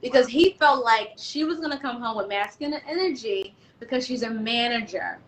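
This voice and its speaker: A woman guest on a talk show, outspoken and animated, sharing her opinions. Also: on the high side, normal speed, poor audio. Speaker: guest, doula and self-love specialist. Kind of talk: casual chat.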